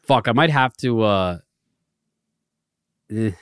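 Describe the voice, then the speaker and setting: A man's voice: lowish voice, slow pace, smooth, dry recording, studio quality. A man talking as a podcast guest, hesitant and stammering as he thinks aloud. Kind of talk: casual podcast chat.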